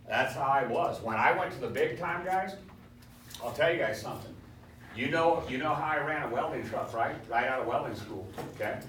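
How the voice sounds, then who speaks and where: A man's voice: mid-range voice, animated, fairly quick, fairly bright tone. A male welding instructor who lectures his class in a swaggering storytelling way and quizzes his students as he goes. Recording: echoey classroom, far from mic, faint hiss.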